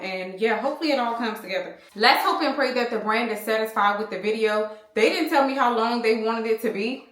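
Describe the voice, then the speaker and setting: In a room at home, a woman in her thirties from the US films a casual, rambling beauty vlog on a small handheld camera, calling her viewers y'all. Her voice is a little high and a bit bright, and the room sounds echoey.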